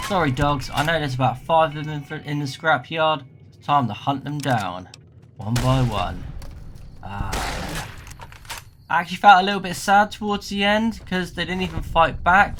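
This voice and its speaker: A man's voice: a little high, fairly bright tone, a little hiss or hum. A young man giving cheeky, self-mocking commentary over gameplay footage. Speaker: gaming YouTuber.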